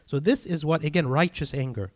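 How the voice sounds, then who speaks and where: Guy priest giving a sermon, earnest and explaining, kinda higher pitched. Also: fairly quick. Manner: earnest, explanatory, with frequent "right?" and "okay?".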